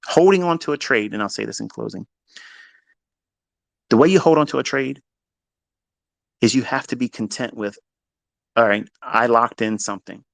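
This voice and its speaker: A man's voice: animated, normal speed, vocal fry, long pauses, no echo. Blunt, swearing male trading teacher. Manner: blunt, heavy swearing, emphatic repetition; swings between loud bursts and low asides. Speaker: trading educator. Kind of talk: profane motivational lecture.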